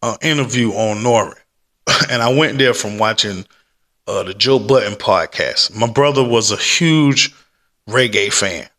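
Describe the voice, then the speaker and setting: Bright-voiced man vlogging. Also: on the low side, measured pace. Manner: loose, slangy and rambling, full of fillers. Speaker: stock-market vlogger. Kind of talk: casual rambling vlog chat. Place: at a desk at home.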